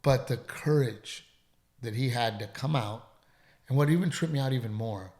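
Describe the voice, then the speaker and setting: A man with a gravelly, creaky voice tells a story in a casual podcast chat. His delivery is emphatic, and he swears freely. He sounds congested, as if he is recovering from being sick. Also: medium pitch, normal speed, darkish tone. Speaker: comedian.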